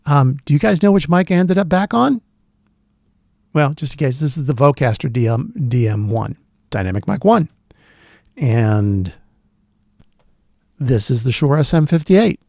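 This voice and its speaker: A man's voice: a little high, animated, unhurried, vocal fry, pauses often, darkish tone, dry recording. A man hosting a casual gear review video, chatting and thinking aloud with plenty of fillers into a studio dynamic microphone in a small home studio. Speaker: tech video host.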